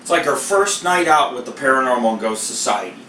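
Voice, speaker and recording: A man's voice: fairly high pitch, very animated, normal speed, bright, forceful tone. A male cooking show host who rambles and swears freely as he tells a story while he cooks. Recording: echoey room, voice a bit far from the mic, faint noise.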